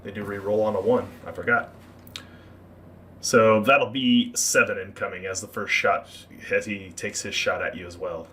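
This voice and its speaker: Bright-voiced man running a tabletop game. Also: fairly low pitch, moderate pace, a little hiss or hum. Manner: relaxed, rule-explaining, hesitant fillers. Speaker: game master.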